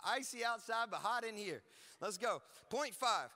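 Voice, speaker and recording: High, bright-voiced preaching man. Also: a little slow, long reverb tail, slight background noise. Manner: energetic, emphatic preaching with laughs and asides. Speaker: pastor. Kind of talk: sermon. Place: church hall.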